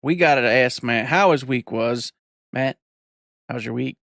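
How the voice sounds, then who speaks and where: A man's voice: medium pitch, moderate pace, vocal fry, a bit bright, no room sound, studio quality. Upbeat man opening a podcast. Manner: upbeat, showman-like introduction. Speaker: podcast host. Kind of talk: show opening.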